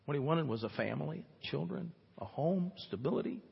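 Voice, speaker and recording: Male pastor with a high voice and conversational, emphatic sermon delivery in a reverberant church. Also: lively intonation, a little fast, vocal fry. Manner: conversational preaching with emphatic repetition. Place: church sanctuary. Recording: dull church recording with long reverb.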